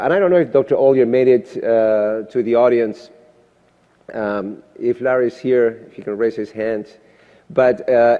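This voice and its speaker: A man's voice: medium pitch, dark tone. Heartfelt older man, big hall. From Argentina. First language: Spanish. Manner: heartfelt, thanking people one by one. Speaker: surgeon giving a presidential address. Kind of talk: emotional speech at a podium. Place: large convention hall. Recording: long reverb of a big hall.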